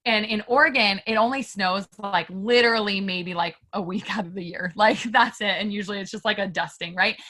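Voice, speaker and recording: A woman guest on an interview, telling a personal story in a candid, animated way and talking straight to her listeners. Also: mid-range voice, a little fast, hardly any pauses. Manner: animated and emphatic, filler-heavy; candid, addresses listeners directly.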